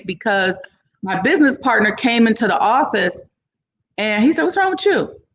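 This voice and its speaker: A woman's voice: on the high side, a little hiss or hum. A businesswoman guest in an interview, casually telling a long story and acting out what people said to her, with informal phrasing. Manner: animated, acts out other people's lines in the story. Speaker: entrepreneur guest.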